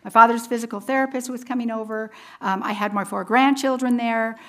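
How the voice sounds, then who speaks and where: A women's ministry speaker in her fifties gives an earnest personal testimony sermon, telling stories and laughing at herself along the way. Her voice is on the high side, steady in tone, and fairly quick.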